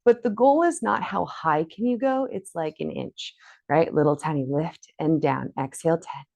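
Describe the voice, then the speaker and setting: A woman with a fairly low voice leads a guided core workout, counting out reps and cheering the listener on. She sounds slightly breathless, as if she is doing every move herself. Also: moderate pace, creaky, darkish tone. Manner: encouraging, counts reps aloud. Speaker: fitness instructor.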